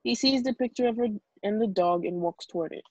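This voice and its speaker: A woman reading screenplay stage directions in a plain, even way over a video call. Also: a little high, quick pace, no echo, highs cut off.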